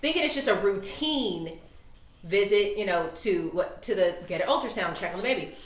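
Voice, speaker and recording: A woman in her thirties telling a story in casual chat, animated and acting out the voices she quotes. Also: mid-range voice, moderate pace. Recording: echoey room.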